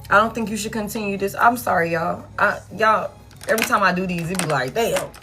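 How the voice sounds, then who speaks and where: A woman's voice: mid-range voice, fairly quick, over music. A woman giving a casual live tarot reading, blunt and frank, swearing freely and repeating herself for emphasis. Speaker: tarot reader.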